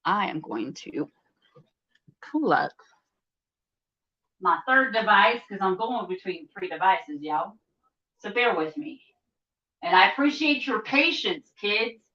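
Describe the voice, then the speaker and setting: A woman chats her way through a livestream, teasing her viewers and keeping up talk while she sorts out her devices. Her pitch swings up and down with animated energy. The sound is dull and lo-fi, like stream audio. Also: slow, pauses often. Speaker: livestream host. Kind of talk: casual livestream chat.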